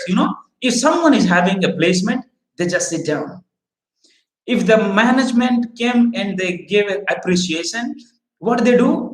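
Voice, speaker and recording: A man's voice: high-pitched, echoey room, rough recording. A middle-aged man from Odisha, India, with an Indian English accent shaped by American speech, whose first language is Odia. He runs a live recruiting training stream, talking energetically and asking the viewers rhetorical questions. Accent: Indian English with American influence.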